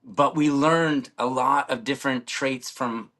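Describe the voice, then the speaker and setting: A middle-aged man, a former music TV host, excitedly telling stories in a casual chat and often stammering over repeated words. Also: medium pitch, a little slow.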